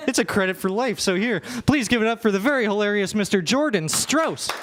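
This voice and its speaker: A man's voice: high-pitched, animated, moderate pace, heavy background noise. A man hosting a comedy show on a club stage, joking loosely while introducing the next act. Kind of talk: introducing acts. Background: audience.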